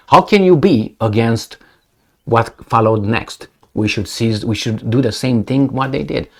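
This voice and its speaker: Deep-voiced sarcastic man commentating. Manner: sarcastic, swears, many fillers and restarts. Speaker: commentator reacting to news clips. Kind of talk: casual commentary.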